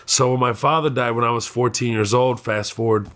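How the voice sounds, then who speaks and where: A man with a Houston Texan accent telling stories from his youth in a candid interview, animated and laughing often. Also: medium pitch, fairly quick. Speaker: comedian guest.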